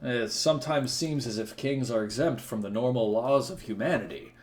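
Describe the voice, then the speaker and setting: A man voicing a weary, loyal earl who speaks in a measured, resigned way. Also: medium pitch, close to an everyday voice. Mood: grim.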